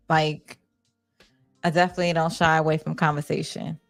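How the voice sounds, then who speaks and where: A woman's voice: low voice, little pitch movement, moderate pace, creaky, soft background music. A young adult woman, hosting a live chat, candid and blunt, reading viewer comments. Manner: candid, blunt, swears casually. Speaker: livestream host.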